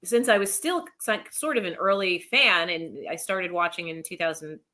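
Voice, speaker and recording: A woman who is an independent wrestler, chatting as a guest and telling stories in an animated way. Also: lowish voice, moderate pace, crowd noise. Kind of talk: casual chat.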